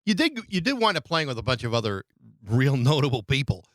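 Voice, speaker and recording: A man's voice: mid-range voice, sing-song, brisk, a bit bright, no echo. A male radio show host chatting easily with his guest and asking long, rambling questions. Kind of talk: interview questions.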